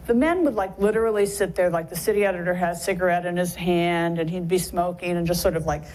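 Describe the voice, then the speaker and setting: Woman in her sixties, casual lecture, rambling, lower voice, faint background noise. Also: darkish tone, low-quality recording. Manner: chatty, rambling, many fillers. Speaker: guest speaker.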